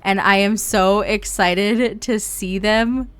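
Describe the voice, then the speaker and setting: A woman from Indiana giving bubbly, excitable, casual commentary on a life-sim game as the channel's host. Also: medium pitch, takes it slowly, smooth.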